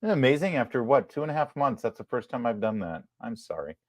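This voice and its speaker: A man hosting a live political commentary show, talking in a sarcastic, emphatic way with quick apologetic asides. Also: mid-range voice, sing-song, no room sound, clean studio sound. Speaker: host.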